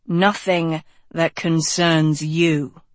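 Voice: mid-range voice, little pitch movement, drawn-out words, no echo. Narrator doing a pushy young king, impatient, dry close mic. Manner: impatient, insistent.

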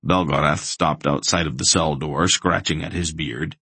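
A man narrating a fantasy audiobook in a steady, measured way. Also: extremely low pitch, slightly rough, no echo.

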